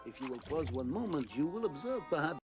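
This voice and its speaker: An actor voicing a fussy, worried old male goose in an animated film, talking in a flustered, pleading way. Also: on the high side, a little fast. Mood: coaxing.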